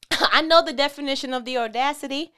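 A woman giving lively, sassy commentary on a Bible story in a casual vlog. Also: sits high, moderate pace. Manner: animated, sassy, exclaiming and laughing. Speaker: vlogger teaching from the Bible.

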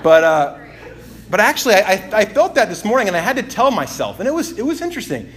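A man's voice: high voice, big pitch swings, fast talker, a bit bright. Candid man preaching a casual sermon. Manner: candid, self-deprecating, rambling with many fillers. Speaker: pastor. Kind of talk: conversational sermon.

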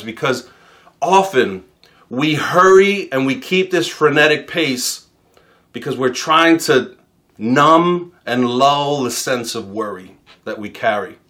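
A man's voice: medium pitch, animated, slow pace, fairly bright tone. A man from New York in his thirties, preaching a sermon and mixing in funny personal stories. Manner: storytelling with humor, quoting himself. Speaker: pastor.

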